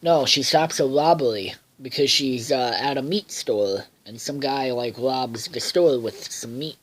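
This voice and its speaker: A man's voice: medium pitch, a little slow, slightly rough, poor audio. Rambling man recapping a cartoon episode. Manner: rambling, many fillers, swears freely; loses track and backtracks. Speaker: episode reviewer.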